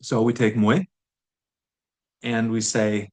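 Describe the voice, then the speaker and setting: A man teaching a recorded language lesson, explaining grammar in a relaxed way and repeating words slowly for learners. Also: fairly low pitch.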